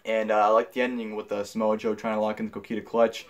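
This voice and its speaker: A man's voice: lowish voice, level tone, fast talker, highs cut off. A young man giving a casual spoken review, rambling with many fillers and restarts, blunt and profane when annoyed. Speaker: wrestling show reviewer.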